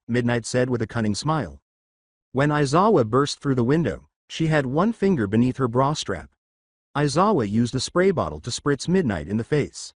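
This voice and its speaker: A man narrates a comic fan-fiction story with brisk, storytelling flair. His pitch moves lively up and down, and the close mic gives a dry, dead sound with no room echo.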